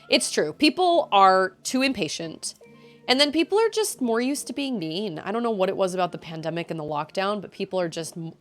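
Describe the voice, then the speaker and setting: A woman's voice: fairly low pitch, fairly bright tone. A woman streaming a game, venting in casual chat to her viewers, rambling with frequent restarts. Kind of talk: casual chat while gaming.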